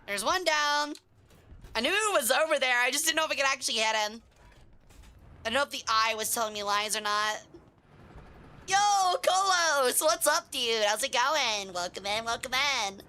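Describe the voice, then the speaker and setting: Bright, excitable woman streamer. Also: on the high side, normal speed. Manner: excitable, swears, chats with viewers. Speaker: game streamer. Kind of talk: casual live gameplay commentary.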